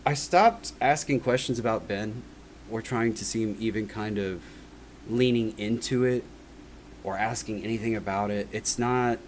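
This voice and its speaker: A man's voice: fairly low pitch, unhurried, a little hiss or hum. A man giving a personal testimony in a casual spoken monologue, rambling and earnest, leaning on "like" and "right?" as he talks.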